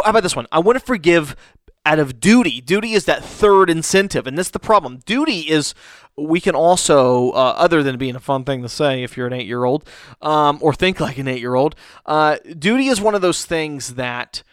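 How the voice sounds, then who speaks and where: Male pastor, slightly high voice, casual halting delivery, dry recording. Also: clear, resonant tone, no echo. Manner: halting, frequent restarts, rhetorical "right?". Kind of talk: conversational sermon.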